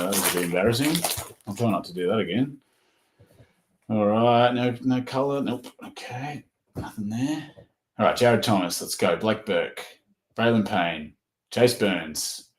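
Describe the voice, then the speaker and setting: A man's voice: on the low side, a little hiss or hum. A man with an Australian accent, giving casual running commentary as he opens trading cards. He rattles off player names and perks up at good pulls. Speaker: card breaker. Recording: roomy echo.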